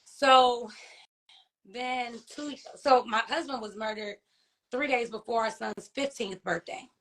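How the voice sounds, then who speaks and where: A woman with a slightly high voice gives emotional personal testimony in an interview. She speaks in a halting, heartfelt way, restarting her sentences and often checking that the listener follows her. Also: a bit bright. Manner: halting, heartfelt, many fillers and restarts, often asks "you know what I mean?". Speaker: interview guest, grieving mother and author.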